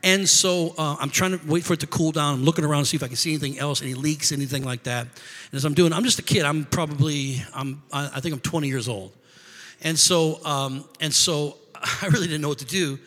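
Man telling a story, halting and reverberant. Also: a little high, a bit bright. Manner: rambling, halting, with many restarts and repeated words. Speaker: guest telling a personal story. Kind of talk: casual spoken storytelling. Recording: long reverb.

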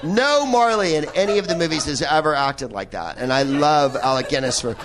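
A man's voice: mid-range voice, brisk, noisy background. A man hosting a live podcast in a movie theater, riffing on a film with profane, laughing asides. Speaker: podcast host. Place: old movie theater with audience.

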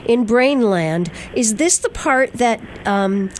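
A woman hosts a radio interview, keeping it moving with brisk, prompting questions. Her voice is a touch high, with faint noise in the background. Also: lively intonation. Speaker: interview host.

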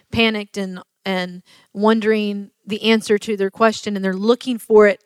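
Woman talking earnest n quick about faith, dry close sound. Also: mid-range voice, dry recording. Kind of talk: conversational sermon talk.

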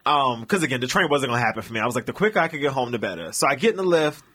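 A man's voice: medium pitch, sing-song, racing, pushed and bright, breathy edge. A young man co-hosting a podcast, telling a long story in casual chat, laughing and acting out what people said. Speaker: podcast co-host.

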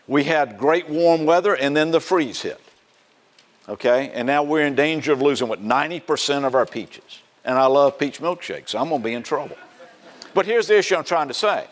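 This pastor, a South Carolina man with a Southern accent, moves briskly through an animated sermon in a slightly high voice. Along the way he asks his audience questions and performs quoted voices.

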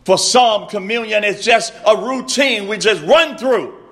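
A man preaching a sermon, slow and emphatic, repeating his refrains and rising to shouts. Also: high-pitched.

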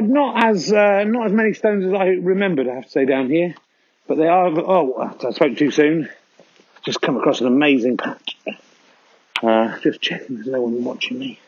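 A man's voice: medium pitch, a little mellow, dry recording. A man delivering a rambling, mock-serious comedy monologue while walking outdoors through a foggy field. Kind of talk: deadpan absurd comedy monologue. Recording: dull lo-fi sound.

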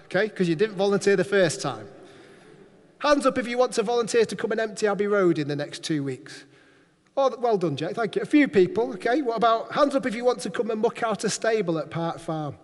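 Preacher, male, high voice, animated and playful, big hall reverb. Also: a little fast. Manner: lively, playful, acts out quoted voices. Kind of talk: sermon.

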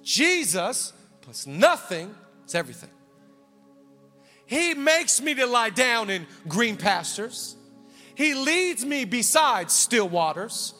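A man's voice: very high-pitched, big pitch swings, takes it slowly, sharp tone, faint music behind. A man preaching a sermon as pastor in a church, conversational and fervent by turns. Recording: reverberant hall.

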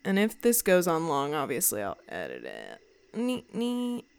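A woman's voice: a bass voice, normal speed, vocal fry, smooth. A woman co-hosting a podcast, chatting casually and telling a ghost story, sometimes putting on accents. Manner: animated storyteller, puts on accents. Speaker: podcast co-host.

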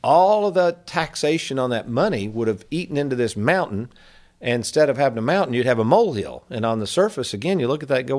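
A man's voice: mid-range voice, sing-song, moderate pace, darkish tone. A man in his fifties hosting a financial advice radio show, talking in a folksy, conversational way and calling listeners "folks.". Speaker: financial advisor radio host. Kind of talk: casual radio talk.

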